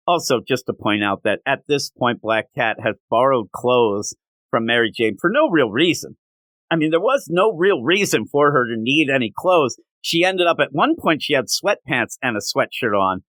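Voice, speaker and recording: A man's voice: mid-range voice, fairly bright tone, dry recording. A man reviewing comic books in a casual spoken rant, sarcastic and exasperated.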